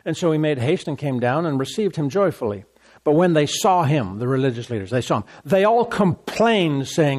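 A pastor gives a lively sermon at a normal speed, repeating his verse references again and again. His voice is a little high for a man, and he jumps between reading scripture and teasing the congregation.

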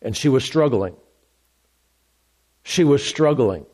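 A man's voice: mid-range voice, animated, slow pace, a little mellow, husky. A man preaching a sermon, emphatic, repeating phrases and restarting mid-sentence.

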